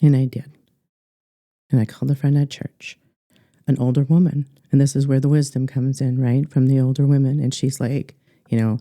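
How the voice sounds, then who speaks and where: Middle-aged midwest woman, life coach on a podcast, earnest and halting, real dark mellow voice, dry sound. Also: a bass voice, level tone, dry recording. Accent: Upper Midwest American. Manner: earnest, halting, many fillers and restarts. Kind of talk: podcast interview, personal story.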